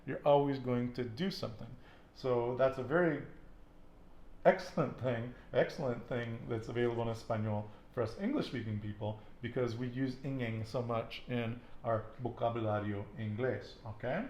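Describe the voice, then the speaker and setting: A man's voice: medium pitch, steady tone, normal speed, a little mellow, roomy sound, a little hiss or hum. A man teaching a casual language lesson, patiently asking questions and repeating his student's answers with encouragement. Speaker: Spanish teacher.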